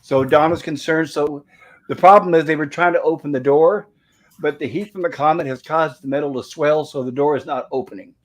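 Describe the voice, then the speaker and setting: A man's voice: on the high side, fairly even intonation, fairly quick. Chatty man hosting a livestream. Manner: friendly, rambling, many fillers and restarts. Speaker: host of a review livestream. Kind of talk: casual livestream chat, reading viewer comments aloud.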